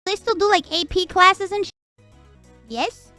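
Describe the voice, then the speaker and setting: A woman with a Puerto Rican accent chats loosely on her stream, her high voice bouncing through run-on stories. She swears freely and laughs often. Soft music plays faintly underneath. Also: measured pace. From Puerto Rico. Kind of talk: casual chat.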